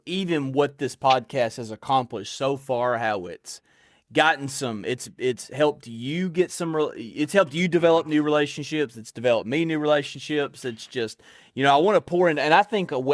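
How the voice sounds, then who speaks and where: A man's voice: a little high, no room sound, clean studio sound. A man with a Southern accent hosting a casual podcast, talking loosely with lots of laughs and folksy fillers. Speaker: podcast host.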